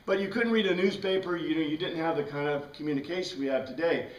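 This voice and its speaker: A man's voice: a little high, quick pace, distant mic. Man teaching a class in an echoey room. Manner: conversational, asks the class questions, frequent "right?". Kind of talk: informal classroom lecture.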